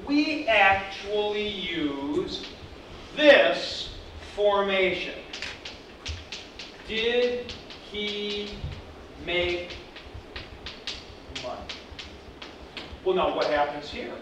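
A high-voiced man lectures a class at an unhurried pace, acting out example sentences as he goes. He is picked up from a distance in a very echoey room, with faint ambient noise underneath. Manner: animated, acts out example sentences. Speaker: teacher.

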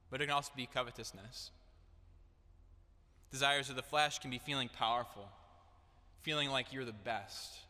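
Bright-voiced young man preaching in a hall. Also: mid-range voice. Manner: earnest, direct, building to emphatic declarations. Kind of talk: sermon. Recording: echoey hall.

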